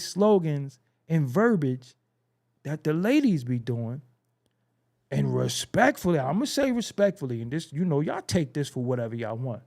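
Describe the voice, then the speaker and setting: A middle-aged man delivers a blunt, profane commentary rant with a streetwise edge. His voice sits a little high for a man and swings widely up and down as he mocks the phrases of the people he talks about. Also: mellow. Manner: mimics other people's phrases mockingly. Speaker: show host.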